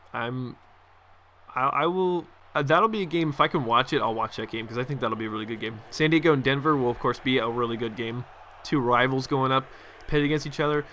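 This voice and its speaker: A young man chats his way through a football video game in a bright, forward voice. He rambles, restarts his sentences and drops fillers as he goes. A faint hiss sits under the recording. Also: mid-range voice. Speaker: gaming commentator. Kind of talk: casual gameplay commentary.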